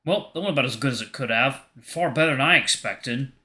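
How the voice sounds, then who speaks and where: A man's voice: medium pitch, a little fast, sharp tone. A man voicing a young male fox who sounds anxious and apologetic. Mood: earnest.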